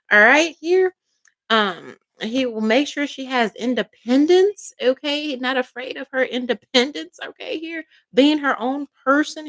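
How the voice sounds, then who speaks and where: A woman's voice: high voice, a bit bright. Fervent woman giving a tarot reading. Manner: emphatic, with frequent check-ins like "all right?" and "okay?"; emotional, fervent. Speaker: psychic tarot reader.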